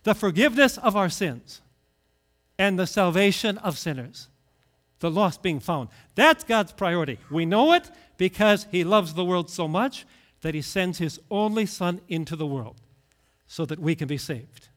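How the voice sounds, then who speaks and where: A middle-aged male pastor preaching a sermon, telling stories with lively acted-out voices. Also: high-pitched, a little slow. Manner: animated storytelling, acting out voices.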